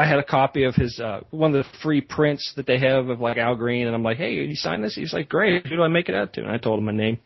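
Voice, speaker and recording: A man's voice: a little high, creaky, dry recording, muffled recording. A man, a podcast host, telling a long rambling story in casual chat, full of restarts and asides.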